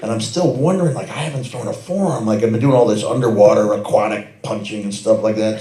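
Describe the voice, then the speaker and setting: Animated middle-aged man telling stories. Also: fairly low pitch. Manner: animated, laughs often, many restarts and fillers. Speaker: guest at a fan Q&A event. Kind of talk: anecdotal storytelling. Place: event hall with audience. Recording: echoey event hall.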